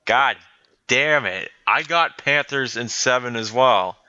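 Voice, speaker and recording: Male podcast co-host, excitable and profane, bright crisp voice, dry lo-fi call sound. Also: medium pitch, slow, no room sound. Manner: excitable, swears freely. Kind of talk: casual hockey chat.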